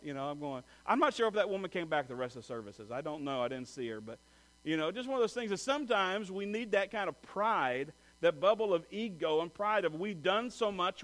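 High-voiced man preaching a sermon. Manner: storytelling, acts out quoted voices, swings from loud to soft. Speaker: pastor.

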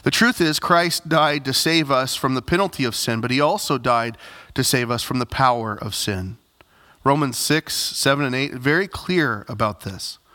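A man's voice: mid-range voice, normal speed, sharp tone. A male pastor preaching a sermon, earnest, building to emphatic repeated phrases and addressing the congregation directly.

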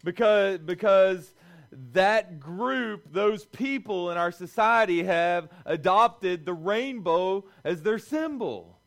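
Animated high-voiced young male preacher. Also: slow. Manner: animated, conversational, acts out quoted voices. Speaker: youth pastor. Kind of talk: lively sermon.

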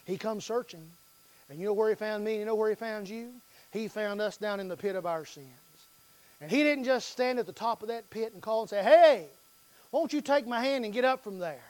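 A man preaching a revival sermon in a strikingly high voice. He drops to a low murmur and then surges into loud, stretched-out phrases. The sound is close and dry, with no room echo. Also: a little fast.

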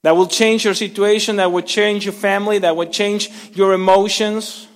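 A man preaching a sermon as pastor, swinging from strong emphasis down to soft, near-whispered lines and asking the congregation to repeat words after him. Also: high-pitched, fairly even intonation, moderate pace, long reverb tail.

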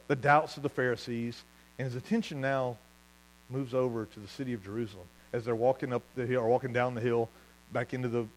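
A man preaching a sermon as pastor, telling stories with lively asides and laughing at his own jokes. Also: mid-range voice, low-quality recording.

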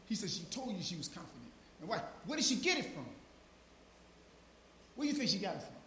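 Fervent high-voiced preacher man. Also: sing-song, a little fast, a little hiss or hum. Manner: fervent, calls listeners by name, repeats "now watch this"; builds to shouting peaks. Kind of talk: informal sermon. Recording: roomy echo.

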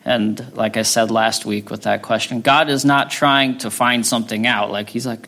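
A man's voice: fairly low pitch, steady tone, normal speed, creaky, hardly any pauses, a bit bright. A male pastor teaching a sermon in a conversational way, often checking in with his listeners. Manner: conversational teaching, frequent tag questions.

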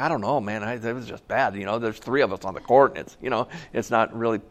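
A man's voice: on the low side, fast. A middle-aged man, a pastor, preaching a conversational sermon, telling personal stories and asking the audience questions.

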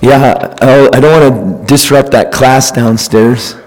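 A man's voice: medium pitch, a little slow. A man serving as pastor, chatting casually and counting into the mic during a sound check before a sermon. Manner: relaxed, joking, counting into the mic. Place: church sanctuary. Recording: long hall reverb.

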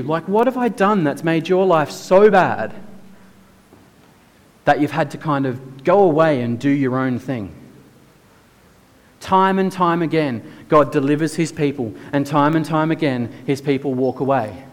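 A man's voice: fairly high pitch, measured pace. A man preaching a sermon in a casual, conversational way. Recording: echoey church hall.

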